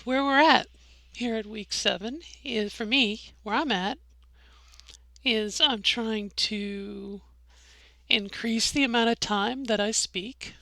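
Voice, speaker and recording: Slow-talking middle-aged woman, rambling. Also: a little high, gravelly, bright, forceful tone, dry recording. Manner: rambling, self-correcting, demonstrating her own voice. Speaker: vlogger. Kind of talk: casual video diary.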